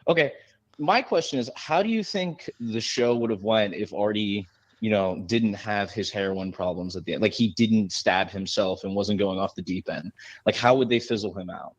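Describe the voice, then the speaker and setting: Rambling lower-voiced male caller. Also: normal speed. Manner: rambling, hesitant.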